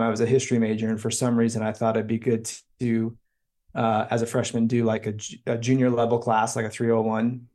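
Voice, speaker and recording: A man's voice: mid-range voice, a little mellow. A young man, a podcast co-host, telling a self-deprecating story in casual chat.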